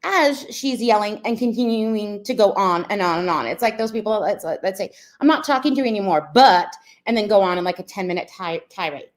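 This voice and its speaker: A woman's voice: medium pitch, fairly quick, hardly any pauses. A woman hosting casual reaction commentary, chatty and explaining, with many fillers. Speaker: commentary host.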